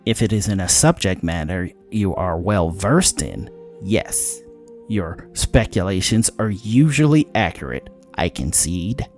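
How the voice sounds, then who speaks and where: A cold, exacting fae noblewoman, as a male narrator voices her. She speaks in a formal, precise and cutting way, low in pitch, over a faint bed of music. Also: expressive, a little slow, a little mellow. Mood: cool, cutting. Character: haughty fae woman, cool and precise.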